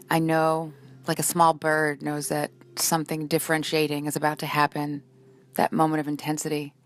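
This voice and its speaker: Heartfelt woman reciting spoken-word poetry. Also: deep voice. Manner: intimate, heartfelt, reflective delivery. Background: faint music.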